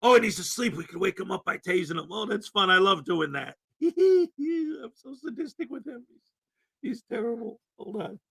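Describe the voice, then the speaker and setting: Bright, high-voiced man hosting a livestream. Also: lively intonation, a little fast, vocal fry, slightly rough. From Canada. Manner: upbeat, greeting chat names with shouted enthusiasm. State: throat a little rough. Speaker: livestream host. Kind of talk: casual livestream chat.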